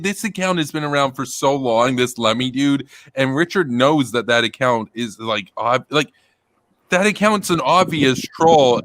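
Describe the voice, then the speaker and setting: A man's voice: fairly high pitch, a bit bright, dry recording. A man hosting a casual stream, retelling a story in a rambling way and laughing often. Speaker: political commentary streamer.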